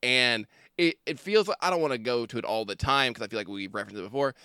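A man co-hosting a podcast, talking casually about a film, animated and quick to laugh. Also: medium pitch, smooth, no room sound, clean studio sound. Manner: animated, laughs often, slips into silly voices. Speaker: podcast co-host. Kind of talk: casual movie discussion.

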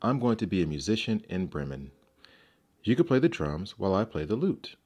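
A man's voice: low voice, very animated, a little fast, darkish tone, breathy edge, exaggerated voice. A man voicing a hopeful, hardworking old male donkey in a storybook reading. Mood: encouraging.

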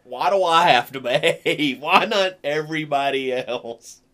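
A man's voice: on the high side, a little slow, fairly bright tone. Joking man in casual chat. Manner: joking, laughs often, teasing. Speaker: podcast co-host.

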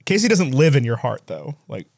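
A man co-hosting a casual podcast chat, teasing with quick comebacks. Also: medium pitch, huge pitch swings, a little mellow, dry recording. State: eating spicy wings. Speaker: podcast co-host.

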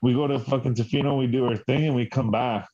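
A man casually telling a long road-trip story, swearing a lot and filling every pause with "like". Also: medium pitch, steady tone, dark tone, lo-fi sound. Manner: rambling storyteller, heavy swearing and filler words. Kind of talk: casual chat.

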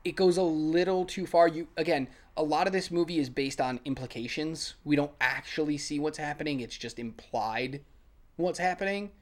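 A podcast co-host chatting casually about a film, laughing often and rambling excitedly. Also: medium pitch, moderate pace. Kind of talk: casual film-review chat.

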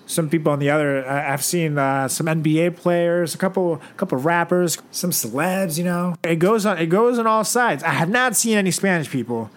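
A man's voice: fairly high pitch, moderate pace, hardly any pauses, fairly bright tone. A young man co-hosting a comedy podcast, joking casually and stumbling over his words as he riffs. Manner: joking, stammering, does voices. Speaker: podcast co-host.

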